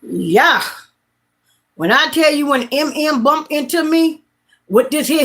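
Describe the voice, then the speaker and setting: A woman's voice: high-pitched, animated, takes it slowly, long pauses, a bit bright. A woman, hosting a casual livestream and telling rambling, repetitive, heartfelt stories. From Mississippi, USA. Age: late 50s. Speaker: livestream host.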